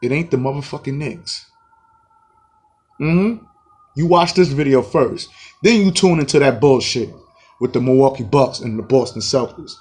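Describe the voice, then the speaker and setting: A man giving a profane, taunting basketball rant as a vlog host, with a husky voice. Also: moderate pace, long pauses. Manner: profane, boastful, taunting, swings loud and high. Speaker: sports vlogger.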